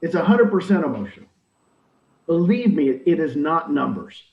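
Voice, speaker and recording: An older man in real estate recruiting who talks in an energetic, emphatic coaching style and acts out quoted dialogue. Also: a little high, normal speed. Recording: roomy, distant, dull audio.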